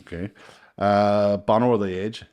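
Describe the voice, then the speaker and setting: A man's voice: lowish voice, fairly even intonation, a little slow, a little mellow, clear, resonant tone. A man hosting a casual podcast chat, a comedian telling stories animatedly and swearing often. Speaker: podcast host and stand-up comedian.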